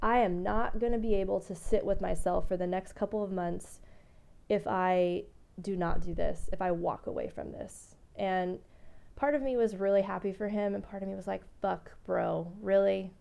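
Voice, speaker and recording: A woman's voice: medium pitch, fairly even intonation, moderate pace, gravelly, mellow. A young woman hosting a podcast, telling a personal story in a candid, rambling way and swearing freely. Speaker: podcast host. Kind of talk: casual storytelling monologue.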